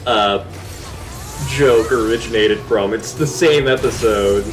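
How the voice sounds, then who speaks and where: A man co-hosting a gaming stream, chatting casually and jokily, now and then slipping into quick silly voices. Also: on the low side. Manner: animated, jokey, slips into quick silly voices. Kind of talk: casual chat. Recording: game music playing behind.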